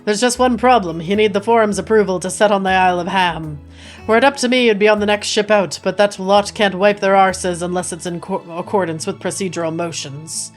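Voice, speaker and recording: A woman voicing a small, gruff male engineer in a game, reading his lines with a put-on Scottish brogue in a hearty, blunt manner. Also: medium pitch, brisk, faint music behind, close to an everyday voice.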